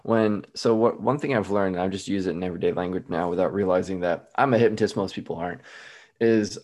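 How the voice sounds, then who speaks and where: A man from the Midwest, a guest hypnotist, telling stories in a lively, casual way. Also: sits low, fast. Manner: lively storyteller who laughs at his own stories. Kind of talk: casual storytelling.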